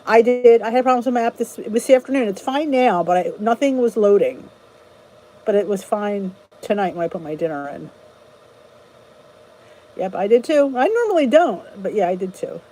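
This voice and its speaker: A woman's voice: mid-range voice, expressive, normal speed, mellow, poor audio. A woman hosting a casual livestream chat, greeting viewers by name and answering their comments in a rambling, chatty way. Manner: rambling with frequent restarts. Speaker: channel host.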